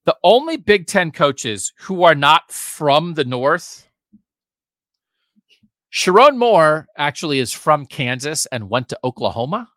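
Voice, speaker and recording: A man's voice: a little high, sing-song, slow, fairly bright tone, no room sound, studio quality. A man co-hosting a sports podcast, giving emphatic, opinionated talk with sarcastic asides.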